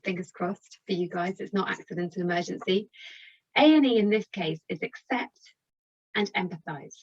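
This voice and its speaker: A woman's voice: medium pitch, husky, dull audio. Encouraging British woman coaching parents. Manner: chatty and encouraging, addresses viewers directly. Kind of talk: direct-to-camera parenting talk.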